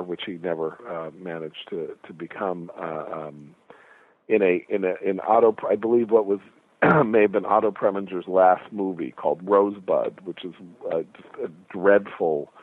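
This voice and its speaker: A middle-aged man co-hosting a podcast in casual chat, halting with many fillers and restarts. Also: low voice, dry recording. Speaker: podcast co-host. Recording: tinny phone line, dry.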